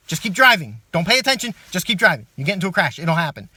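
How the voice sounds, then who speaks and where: A man's voice: very animated, fast, hardly any pauses, slightly rough, no room sound. Ranting, profane stand-up comedian man. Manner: ranting, profane, swings from low asides to loud outbursts.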